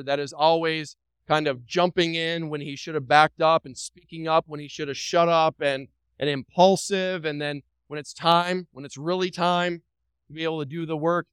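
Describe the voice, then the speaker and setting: A man's voice: a little high, fairly bright tone, clean tone, no room sound, poor audio. A pastor delivering a sermon to his congregation. He preaches emphatically, repeats phrases, asks the room questions and drops light joking asides.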